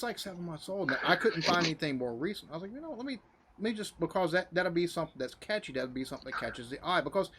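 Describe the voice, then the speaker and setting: American guy, talks fast and bright, higher voice, chatting as host. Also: noisy background. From United States. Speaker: host, reaction YouTuber. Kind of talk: casual chat.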